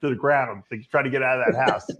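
A man's voice: mid-range voice, steady tone, quick pace, fairly bright tone, muffled recording. A man hosting a casual talk show, joking and cutting in on the others. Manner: joking, talks over others. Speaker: show host.

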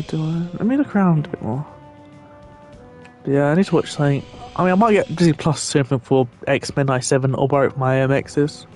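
This is casual gameplay commentary from a young man who hosts a gaming channel, talking loosely with viewers and cursing occasionally. His pitch is fairly high, with a slightly mellow quality.

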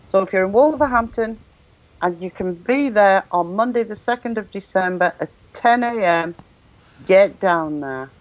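A woman's voice: medium pitch, lively intonation, moderate pace, no echo, poor audio. A woman co-hosting a web chat show, reading out an announcement and bossing the others about in fun. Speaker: co-host of a vaping web show. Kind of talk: casual chat with a spoken announcement.

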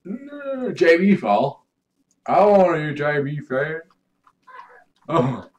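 A man doing video game commentary, yelling and cursing at the game as he plays. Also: on the high side, lively intonation, takes it slowly, pauses often. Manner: yells and curses at the game. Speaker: gameplay commentator.

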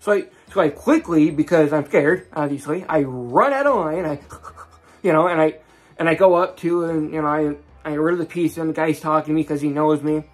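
Husky-voiced young man telling a story. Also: a little high, brisk. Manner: rambling, full of restarts, voices the people in the story. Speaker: vlogger. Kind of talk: casual personal storytelling.

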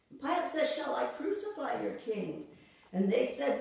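A woman pastor preaching a sermon, expressive, acting out quoted voices and repeating words as she speaks. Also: on the high side, measured pace, gravelly. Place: church sanctuary. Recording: echoey church hall from far off.

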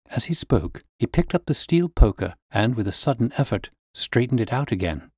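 A man narrating a classic story in a measured, clear reading. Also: on the low side, animated, a little mellow, dry recording, studio quality.

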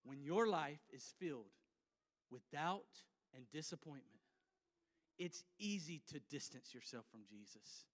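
A male pastor preaching a sermon, acting out a scripture scene with volunteers and swinging between loud, animated lines and hushed ones. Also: on the high side, unhurried. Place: church sanctuary. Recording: church hall with long reverb.

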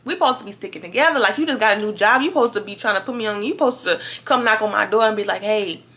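Girl around 20 from louisiana, bright voice, chatty storytime vlog, lots of y'all. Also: medium pitch, racing, a little hiss or hum. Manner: chatty, animated, addresses viewers as y'all. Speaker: vlogger.

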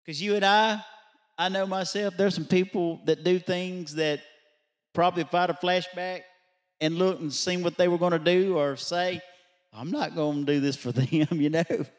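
A man's voice: sits high, steady tone, normal speed. Pastor telling a story to his congregation. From Louisiana. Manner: conversational storytelling, rhetorical questions to the congregation. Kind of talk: midweek Bible study sermon. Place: church sanctuary.

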